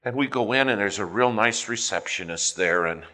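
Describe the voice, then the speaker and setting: Forceful, bright-voiced male preacher. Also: lowish voice, moderate pace. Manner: animated storyteller, swinging between quiet and loud. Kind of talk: sermon with personal storytelling.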